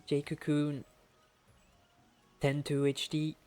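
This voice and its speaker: Male French-accented streamer, slow, chatty, thinks aloud with frequent laughs; faint game music behind. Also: on the high side, completely flat delivery, a little mellow, clean tone. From France. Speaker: speedrunner streamer. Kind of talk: casual live-stream commentary.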